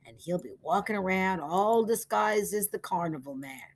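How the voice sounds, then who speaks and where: A woman's voice: medium pitch, lively intonation, normal speed, voice pushed up. A woman voicing an earnest, determined young boy who explains things urgently.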